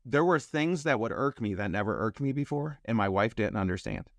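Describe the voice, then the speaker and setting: A man telling a personal story as a podcast guest, acting out the quoted dialogue with lively shifts in voice. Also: lowish voice, a little fast, no room sound, studio quality. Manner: animated storyteller who acts out quoted dialogue.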